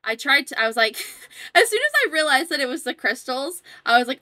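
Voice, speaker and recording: A woman's voice: a little high, fast, sharp tone, no room sound. A young woman casually rambling as she comments over her own gameplay footage, chatty and self-deprecating. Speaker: gaming YouTuber.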